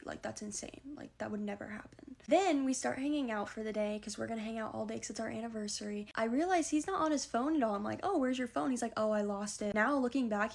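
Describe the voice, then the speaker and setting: Fast-talking young woman telling a storytime. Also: fairly high pitch, gravelly. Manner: fast, breathless retelling full of "like". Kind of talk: storytime vlog.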